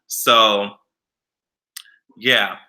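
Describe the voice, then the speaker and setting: A man running a gossip vlog in a very bright, edgy voice. He talks bluntly and sassily, with plenty of swearing. His delivery is animated, and he often jumps up into a higher voice. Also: extremely slow. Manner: blunt, profane, sassy and animated. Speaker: vlogger. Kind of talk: casual celebrity gossip commentary.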